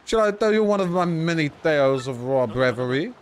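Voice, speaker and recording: A man's voice: on the high side, expressive, brisk, a little hiss or hum, voice pushed up, natural voice. A man voicing a pompous, flamboyant male ship captain with a theatrical mock-French flair. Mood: boastful.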